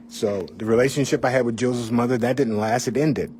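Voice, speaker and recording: A man's voice: mid-range voice, steady tone, fairly quick, darkish tone, slight background noise. A middle-aged man, a former TV weatherman, tells his own life story in a candid, conversational way, with asides to the listener. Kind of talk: personal storytelling.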